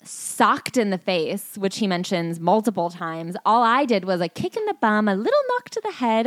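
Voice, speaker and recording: A woman's voice: mid-range voice, sing-song, normal speed, few pauses, no room sound. Mocking woman podcast co-host. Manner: mocking, incredulous. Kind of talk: reading aloud and commenting in casual chat.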